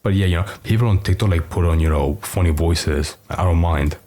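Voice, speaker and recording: Deep-voiced man reacting casually. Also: fairly quick. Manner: relaxed, loose, filler-heavy. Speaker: reaction host.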